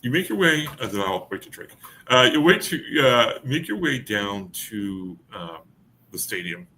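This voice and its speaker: A man's voice: fairly low pitch, sing-song, measured pace, sharp tone, slight background noise. A man running a tabletop game as game master, narrating with many fillers and restarts.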